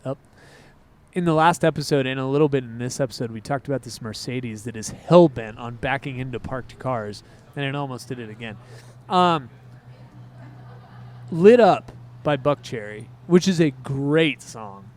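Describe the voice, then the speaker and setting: A man co-hosting a casual music podcast, talking in an excitable, rambling way with quick asides. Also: mid-range voice. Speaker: podcast co-host. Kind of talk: casual chat.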